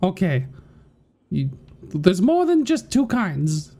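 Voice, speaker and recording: Player putting on a prim British mother: shocked, fussy, pitch swooping up and down. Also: sing-song, slow pace, dark tone, breathy edge, heavily acted. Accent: put-on British. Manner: fussy, exclaims and gasps often. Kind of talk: in-character game roleplay.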